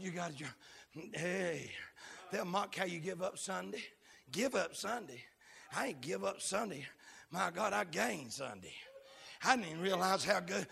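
Man, revival preacher, high raspy voice, bright and gravelly, hollers in a sing-song. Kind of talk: fiery revival sermon.

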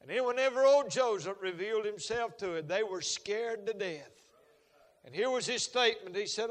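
A man preaching a sermon, telling Bible stories in a folksy way that builds to shouted fervor. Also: high-pitched, animated, normal speed, long reverb tail.

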